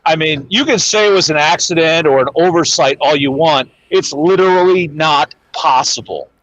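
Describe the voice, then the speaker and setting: A man's voice: fairly high pitch, normal speed, no room sound. Earnest man on a dull, dry remote line. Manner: steady, earnest, many restarts. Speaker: guest. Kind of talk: casual chat.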